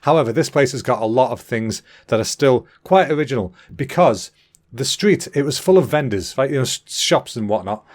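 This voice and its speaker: A man's voice: mid-range voice, expressive, fairly quick, darkish tone. An English man rambles through a solo comedy podcast in a mid-range voice. He is cheeky and sweary, and keeps going off on tangents. He stops now and then to correct himself. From England. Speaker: podcast host.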